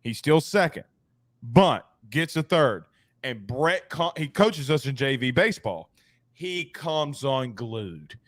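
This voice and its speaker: A man's voice: mid-range voice, no room sound, clean studio sound. A man hosting a sports talk show, telling stories animatedly in a slangy, casual way. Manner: animated, fast storyteller with slangy asides. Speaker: podcast host.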